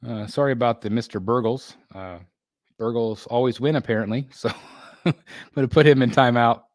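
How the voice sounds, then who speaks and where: In a dry recording, a man with a medium-pitched voice hosts a casual livestream from a home room under construction. He reads viewer comments in a halting style, full of fillers and restarts, with frequent small laughs.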